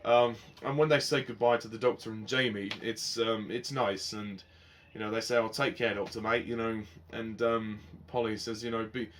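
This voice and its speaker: A man giving a casual spoken review of a TV series, passionate and rambling, swinging between heated outbursts and softer reflective stretches. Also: fairly low pitch, fairly even intonation, normal speed, a little hiss or hum.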